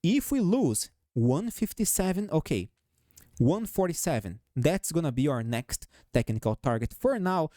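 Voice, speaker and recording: A man's voice: fairly high pitch, sing-song, normal speed, dark tone, dry recording, clean studio sound. A man with a noticeable foreign accent who hosts a show on stock charts. He walks viewers through chart levels and keeps checking in with "okay?" and "guys". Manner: peppers talk with "okay?", "right?" and "guys". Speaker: stock market analyst host. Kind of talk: technical chart analysis commentary.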